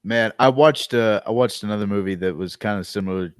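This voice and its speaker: A man's voice: lowish voice, fairly quick, clean tone, dry recording, clean studio sound. A man co-hosting a casual movie podcast, laid-back and hesitant, with many fillers. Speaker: podcast co-host.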